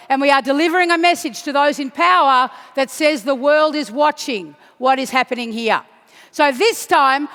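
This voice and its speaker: A woman leads a congress crowd through a chant and a simple dance, teasing them playfully and rising into shouts to rouse them. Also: high voice. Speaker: chant leader at a union congress. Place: large conference hall. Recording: echoey large hall.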